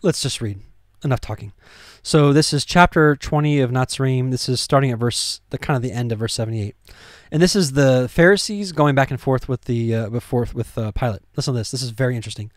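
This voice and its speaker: A man's voice: medium pitch, fairly quick. A man teaches a Bible study in an easygoing, conversational way, stumbling over restarts and fillers as he thinks aloud. His voice sits in a middle range and is recorded dry and close, with no room echo. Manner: conversational, full of fillers and restarts, grows excited. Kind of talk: casual Bible study talk.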